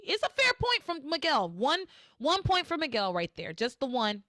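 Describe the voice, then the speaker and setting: A woman's voice: high voice, big pitch swings, normal speed, pushed and bright, dry recording, studio quality. A woman podcast host in casual chat, animatedly retelling scenes and acting out the quotes.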